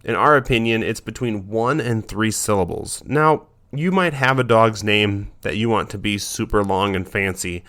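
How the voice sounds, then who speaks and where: A man with a fairly low voice hosts a dog training podcast. He talks on his own in a loose, casual way, full of fillers and quick restarts. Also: fairly bright tone.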